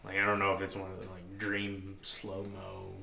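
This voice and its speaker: A man's voice: low voice, completely flat delivery, moderate pace, gravelly, recorded from a distance, a crowd in the background. A man playing a tabletop game, talking hesitantly and unsure. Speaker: player. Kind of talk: casual tabletop play. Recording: echoey room, off-mic, some noise.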